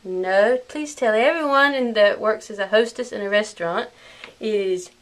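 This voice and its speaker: A woman teaching Spanish pronunciation in a recorded lesson, slowly drilling each word with careful repetitions. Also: mid-range voice.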